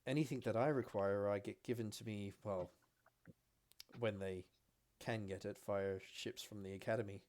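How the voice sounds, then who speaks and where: A man's voice: lowish voice, steady tone, moderate pace, a little mellow, natural voice. A man voicing a polite, eager young female elf scholar, lifting his voice a little for her.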